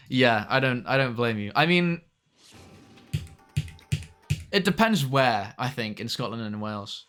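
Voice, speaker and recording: A man's voice: medium pitch, animated, slow, long pauses, fairly bright tone, soft background music. A young man chatting casually with viewers while streaming a game, swearing now and then at the game. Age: young adult. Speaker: streamer reading chat.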